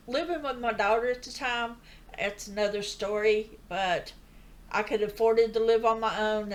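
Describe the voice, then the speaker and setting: An older woman earnestly telling a personal story in a chatty way, with asides. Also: medium pitch. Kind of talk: casual testimony.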